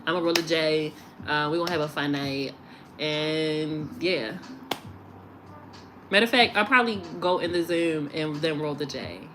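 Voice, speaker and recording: A woman reading tarot on a live stream talks casually, full of animation and laughter, swearing and mocking along the way. She settles into a low, slow tone to sign off, and there's a little hiss or hum on the audio.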